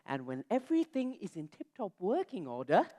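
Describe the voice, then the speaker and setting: A woman's voice: mid-range voice, wildly swooping pitch, brisk, warm tone. Igor, a woman playing a sly chummy servant. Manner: sly, chummy, sing-song. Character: eager bug-eyed male servant Igor. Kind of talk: stage musical acting. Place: theatre stage. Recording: live stage show with band music.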